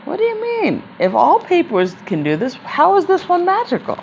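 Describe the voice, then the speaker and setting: Woman voicing a little boy, storybook figure, eager, high-pitched, gravelly, dull lo-fi sound. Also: wildly swooping pitch, normal speed, a little mellow, a little hiss or hum, full character voice. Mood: puzzled. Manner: eager, wide-eyed, breathless questions. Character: excited young schoolboy proud of his mom.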